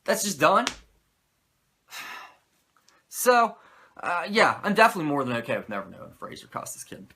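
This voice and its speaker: A man who reviews wrestling shows in a loose, rambling way, swearing freely and mocking himself. His pitch swings widely and his voice has a bright edge. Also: very animated, normal speed, long pauses, slightly rough. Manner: rambling, profane, self-mocking. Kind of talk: casual commentary.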